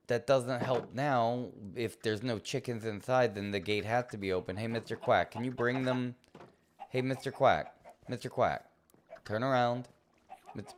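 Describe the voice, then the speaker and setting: A man's voice: medium pitch, a little hiss or hum. A man casually commenting as he plays a game, playful and rambling, talking to himself and to the game. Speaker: streamer.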